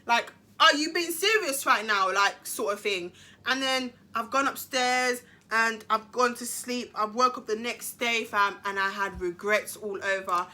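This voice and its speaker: A woman, telling an animated, slangy storytime vlog. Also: a little high, a little slow. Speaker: vlogger.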